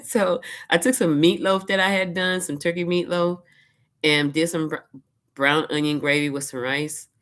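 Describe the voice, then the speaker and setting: A woman's voice: on the low side, fairly even intonation, moderate pace, a bit bright. A woman from Louisiana, chatting casually in a vlog and retelling her days with quoted asides. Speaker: vlogger. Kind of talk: casual personal storytelling.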